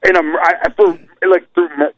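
A man's voice: high-pitched, completely flat delivery, a little fast, a bit bright. A man co-hosting a podcast, talking bluntly with plenty of profanity and emphasis. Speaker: podcast co-host. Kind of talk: casual chat. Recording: dry, slightly dull lo-fi.

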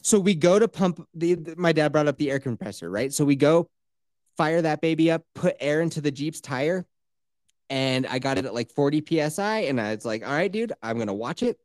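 A young man telling a story in casual chat, animated and full of swearing. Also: fairly high pitch, normal speed, dry recording, studio quality.

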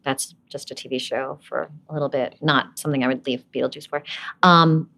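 A woman's voice: very deep voice, steady tone, fairly quick, gravelly, pushed and bright. A woman in her forties from Brooklyn, an actress chatting as an interview guest, rambling with asides and laughing often. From Brooklyn, USA. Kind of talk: casual interview chat.

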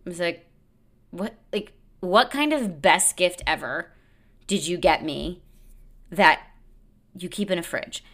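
Woman host in her thirties, chatty storyteller, bright voice pitched a bit low. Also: normal speed. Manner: chatty, animated, lots of "like" and quoted dialogue. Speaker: podcast host. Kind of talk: casual storytelling monologue.

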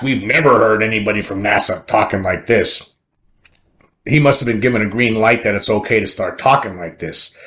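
A man reading an article aloud and commenting on it, excited and emphatic, repeating words as he builds his point. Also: on the low side. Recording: roomy echo.

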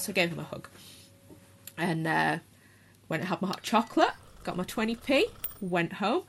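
A woman's voice: lowish voice, lively intonation, moderate pace, soft background music. A woman telling a casual, self-deprecating spoken anecdote as a guest storyteller. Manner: chatty, self-deprecating, laughs at her own story.

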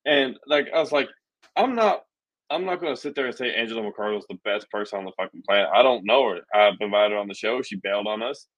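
A young adult man hosting a podcast, telling stories in an animated, indignant way. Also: lowish voice, fast, few pauses, lo-fi sound. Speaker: podcast host. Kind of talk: casual political chat.

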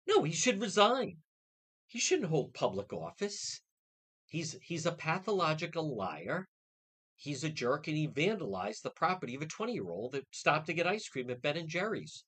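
A male radio talk show host with a fairly high, very lively voice that leaps up and down as he rants. He sounds indignant and combative, and he often breaks into mocking impressions of the people he criticizes. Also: moderate pace, husky. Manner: indignant, mocks others in put-on quotes.

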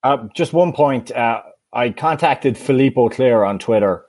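Male co-host, mid-pitched, wry and exasperated, dry close mic. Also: unhurried, darkish tone, no echo. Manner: wry, exasperated, hesitant fillers. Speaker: podcast co-host. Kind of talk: casual podcast chat.

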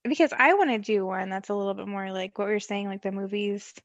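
A woman co-hosting a podcast in casual chat, easygoing and quick to laugh and agree. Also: mid-range voice, dry recording, lo-fi sound. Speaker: podcast co-host.

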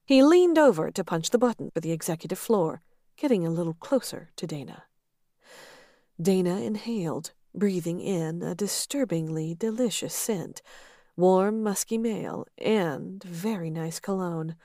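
Woman narrator, romance audiobook, lowish voice, dry close recording. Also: animated, unhurried, dark tone, dry recording. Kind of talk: scripted narration of a romance novel.

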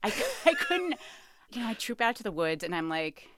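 A woman's voice: on the high side, sing-song, normal speed, a bit bright, no room sound, clean studio sound. A woman guest telling her story in an interview, candid and self-mocking, laughing often. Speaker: author and guest.

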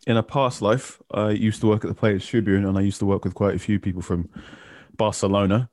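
Deep-voiced man telling a dry anecdote. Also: fairly even intonation, fairly quick, a little mellow, dry recording. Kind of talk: casual podcast anecdote.

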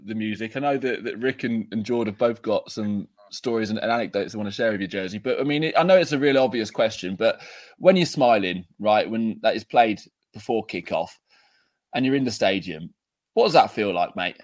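An English man with a lowish voice hosts a relaxed football podcast. He talks with enthusiasm and drops casual swear words. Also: a little fast. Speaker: podcast host.

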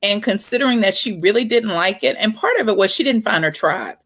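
A woman's voice: medium pitch, big pitch swings, a little fast, fairly bright tone. A woman in her forties, a guest author and parent, talking candidly in a casual interview. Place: Texas.

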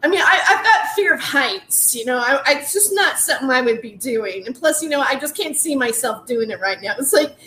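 A woman's voice: high-pitched, animated, a little fast, hardly any pauses, bright, forceful tone, reverberant. A woman in her forties, a comedian telling a rambling story full of "like"s, restarts and laughing asides. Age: 40s. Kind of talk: casual storytelling monologue.

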